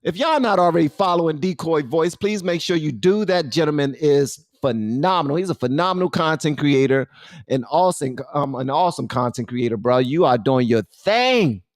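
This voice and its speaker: Animated man hosting reaction commentary. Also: a little high, moderate pace, dry recording, clean studio sound. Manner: animated, playful, talks to the audience directly. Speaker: commentary channel host.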